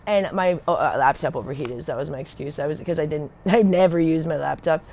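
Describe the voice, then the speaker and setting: A woman's voice: low voice, brisk, darkish tone, highs cut off. A woman telling casual stories from her service days on a livestream, rambling and digressive, losing her thread and laughing often. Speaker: Air Force veteran telling stories on a livestream. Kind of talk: casual storytelling.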